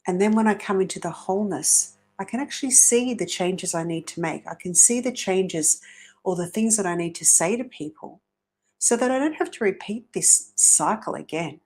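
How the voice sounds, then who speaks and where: A woman's voice: medium pitch, moderate pace, a little mellow. A woman hosting a motivational self-help talk, earnest and coaching, often asking rhetorical questions.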